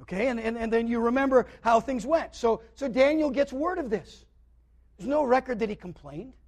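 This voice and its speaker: High-voiced preacher animatedly retelling a story. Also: male voice, normal speed. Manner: animated, voices the characters in the story, swings between loud and quiet. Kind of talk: sermon retelling a scripture story.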